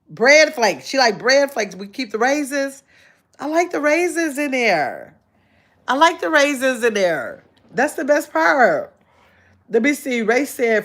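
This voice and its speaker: A woman's voice: sits high, a bit bright. Chatty middle-aged woman reading comments. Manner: chatty and easygoing, with frequent "let me see" pauses while reading. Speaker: channel host. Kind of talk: casual livestream chat, reading viewer comments aloud.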